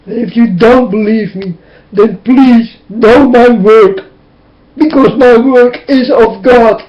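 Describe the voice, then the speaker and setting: Into a webcam mic, a man whose first language is Dutch gives an impassioned, tearful, repetitive preaching monologue. His voice is very high and slow, and the audio is dull lo-fi webcam sound.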